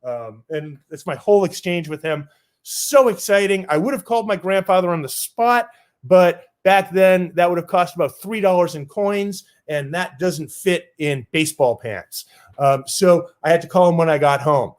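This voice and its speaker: A man's voice: high voice, moderate pace. A man telling a personal story on stage in a loose, casual way with lots of filler words.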